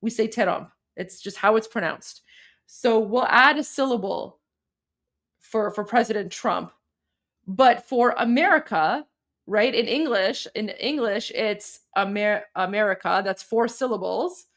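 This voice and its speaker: A woman's voice: medium pitch, measured pace, fairly bright tone. A woman from Iran giving casual political commentary, chatty and reacting to clips and comments.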